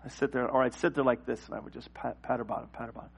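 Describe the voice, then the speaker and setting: A middle-aged male pastor preaching a sermon, telling animated personal stories and acting out the scenes. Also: medium pitch, racing, vocal fry, breathy edge. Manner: animated storytelling, acts out scenes and cries.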